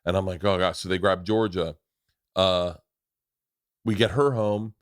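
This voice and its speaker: A middle-aged man hosting a podcast, telling stories in a loud, laughing, profane way. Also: low voice, steady tone, unhurried, no echo, clean studio sound. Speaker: podcast host. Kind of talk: casual chat and storytelling.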